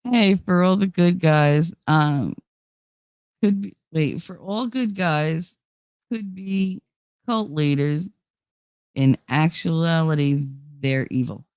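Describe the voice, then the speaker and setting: A woman's voice: low-pitched, takes it slowly, a little mellow, clean tone, dry recording, studio quality. A woman hosting a casual livestream and reading viewer chat. She talks bluntly, swears a lot and laughs often. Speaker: livestream host.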